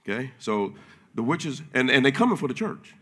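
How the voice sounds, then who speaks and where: Bright-voiced man preaching loudly. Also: very animated, moderate pace. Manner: swings from low murmurs to loud shouting; casual preaching with slang. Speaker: pastor. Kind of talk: sermon. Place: church.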